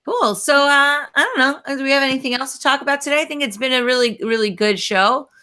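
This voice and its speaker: A woman's voice: sits high, fast talker, bright, forceful tone. A woman hosting a casual chat show, upbeat and chatty, with lots of fillers. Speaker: podcast host.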